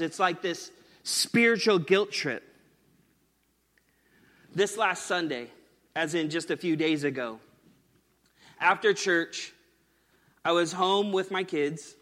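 A male pastor in his thirties delivers a sermon with a high, bright, forceful voice. He talks in an earnest, conversational way. A long reverb trails his words through a large hall. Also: takes it slowly, pauses often.

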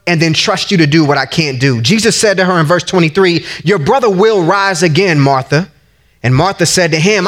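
High-voiced animated preacher man. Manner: animated, slangy, acts out voices with big pitch swings. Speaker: pastor. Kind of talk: sermon.

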